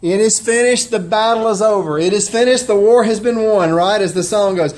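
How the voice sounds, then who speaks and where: A man's voice: high voice, brisk, a little mellow. A man preaching a sermon, conversational and heartfelt, often asking his listeners questions. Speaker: pastor.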